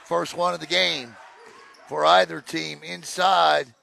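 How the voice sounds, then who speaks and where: A man calling a high school basketball game play by play, excitable on big plays and joking between them. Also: takes it slowly, creaky. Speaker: play-by-play announcer. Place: gym broadcast position.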